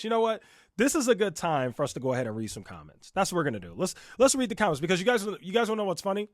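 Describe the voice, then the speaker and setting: A man giving reaction commentary, animated and mocking, swinging from loud outbursts to low muttering. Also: rapid-fire, dry recording, clean studio sound. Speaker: commentary YouTuber.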